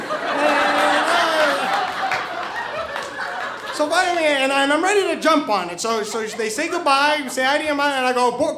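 A man with a strikingly high voice tells a personal story, tripping over his words and repeating himself as he goes. He chuckles lightly along the way. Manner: stammering, repeats words, chuckles through the telling.

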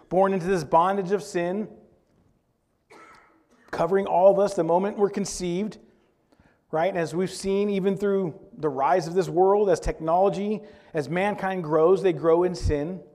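A man preaching to his congregation, talking easily and checking in with questions as he goes. His voice sits a little high for a man but sounds mellow and warm. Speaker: pastor. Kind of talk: sermon.

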